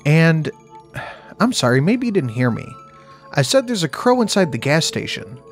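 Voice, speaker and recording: A man's voice: fairly high pitch, big pitch swings, normal speed, faint music behind. A man narrating a first-person horror story in a dry, wry storytelling manner.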